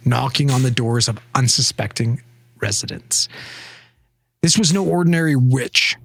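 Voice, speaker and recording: A man's voice: medium pitch, a bit bright, husky, no echo. A man hosting a casual podcast who jokes, swears casually and reads a spooky legend aloud in a dramatic tone. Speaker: podcast host reading the story. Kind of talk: casual chat and read-aloud narration.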